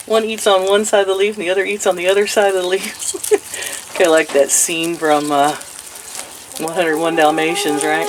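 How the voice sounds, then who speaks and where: A woman's voice: lowish voice, slight background noise, poor audio. An older woman chatting outdoors to her chickens and rabbits, cooing in sing-song baby talk and laughing often. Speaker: vlogger. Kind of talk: casual chat to pets.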